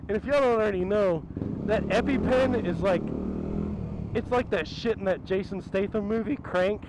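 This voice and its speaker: A man vlogging, telling a story in casual, profane, excitable talk and acting out what people said. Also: high-pitched, normal speed, background noise.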